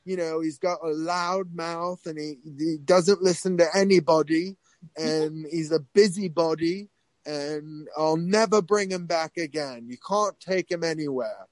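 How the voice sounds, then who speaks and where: A man's voice: a little high, a little slow, a little mellow, dry recording, lightly acted. A man imitating his older British grandmother, flustered and apologetic.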